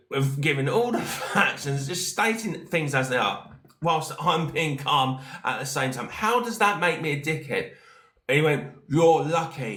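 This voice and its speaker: A man's voice: fairly high pitch, a bit bright. A man hosting a podcast, telling a story casually with many fillers and restarts. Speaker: podcast host. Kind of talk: casual storytelling while reading chat. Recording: echoey room.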